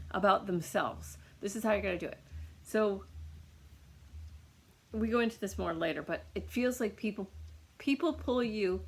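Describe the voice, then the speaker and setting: A woman's voice: mid-range voice, a little hiss or hum. A woman giving a casual, rambling recorded healing reading to a client, with lots of fillers and restarts. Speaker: energy healer reading for a client.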